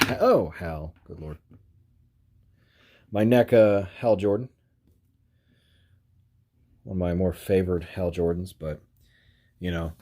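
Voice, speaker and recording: Man, low mellow voice, chatty toy collector, lots of "you know" fillers. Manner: rambling, filler-heavy, frequent "you know"; chuckles while handling figures. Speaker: toy collector reviewing action figures. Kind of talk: casual toy review vlog.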